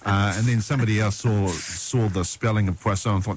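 A man's voice: fairly low pitch, brisk, slight background noise. A man hosting a radio show, chatting casually in a playful, lightly joking way.

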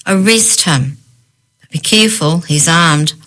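Woman voicing a loud bossy dad, blustering, storybook. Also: lowish voice, measured pace. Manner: roaring, demanding.

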